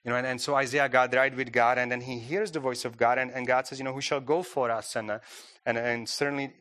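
A man's voice: medium pitch, little pitch movement, quick pace, fairly bright tone. A man preaching a sermon in a church, talking conversationally with many fillers and restarts. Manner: conversational, frequent "you know" fillers and restarts. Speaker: guest preacher.

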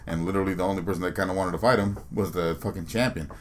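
A man's voice: low voice, quick pace, a little hiss or hum. A young man co-hosting a casual sports chat podcast, blunt and profane, often laughing. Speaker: podcast co-host.

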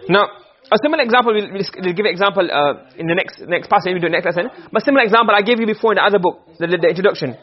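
A man with a high voice teaches a lesson on rhetoric in rapid-fire speech, explaining step by step. He often repeats words and mixes in Arabic terms, and the lo-fi recording sounds dull.

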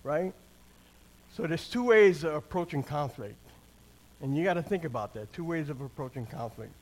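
A man's voice: a little high, animated, a little fast. An older man giving a conversational sermon and personal testimony, plain-spoken, often checking in with the congregation and restarting his phrases. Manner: keeps asking the crowd "amen?" and "right?". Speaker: church speaker sharing testimony.

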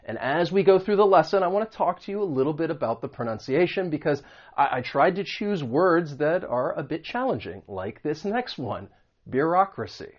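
Man, English teacher, mid pitch, patient explaining, slightly muffled audio. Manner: clear, patient explaining with spoken examples. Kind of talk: vocabulary lesson.

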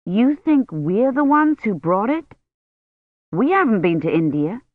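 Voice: mid-range voice, sing-song, a little slow, no room sound, pitched above the performer's own voice. An audiobook reader voicing a defensive American woman bell ringer on tour, in a dull, dry recording. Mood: earnest.

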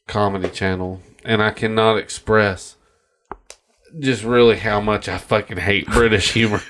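A man's voice: lowish voice, fairly even intonation, a little slow, fairly bright tone, a little hiss or hum. A man co-hosting a casual podcast chat, ranting in a crude, profane, sardonic way. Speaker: podcast co-host.

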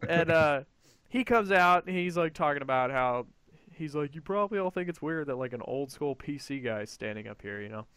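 Excitable man on a gaming podcast. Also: fairly high pitch, a little fast, clear, resonant tone, no room sound. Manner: excitable, swears freely, acts out quotes. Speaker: podcast host. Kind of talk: casual gaming podcast chat.

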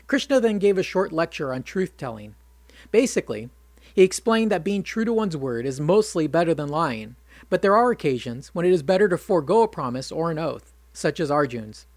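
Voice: mid-range voice, big pitch swings, a little fast, a little mellow, dry recording. A narrator casually retelling an old epic, adding wry conversational asides.

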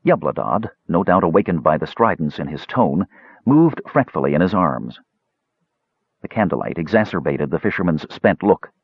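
A man narrating a fantasy story in a dramatic, expressive reading. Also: sits low, normal speed, husky, dry recording, highs cut off. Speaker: audiobook narrator.

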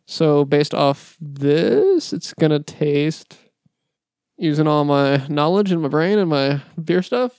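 A man's voice: on the high side, lively intonation, slow, darkish tone, smooth, dry recording, studio quality. A man co-hosting a casual beer review podcast, rambling and hesitant, often laughing. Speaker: podcast co-host. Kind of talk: casual chat.

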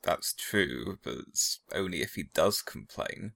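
Very deep-voiced man player, slow and amused, with a lively voice. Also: vocal fry, dry recording, studio quality. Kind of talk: casual tabletop game chat.

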